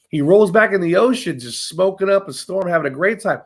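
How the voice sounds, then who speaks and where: Profane, animated man telling myths. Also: sits high, fairly quick, hardly any pauses. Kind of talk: casual storytelling chat.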